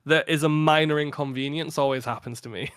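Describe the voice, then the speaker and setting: A tired young man chatting casually on a podcast about his gaming channel, rambling with frequent laughs and a slightly flat delivery. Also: on the high side, a little fast, clear, resonant tone, dry recording, clean studio sound. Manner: rambling, laughs often, a little flat from fatigue. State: tired after a long day. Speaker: podcast guest, content creator.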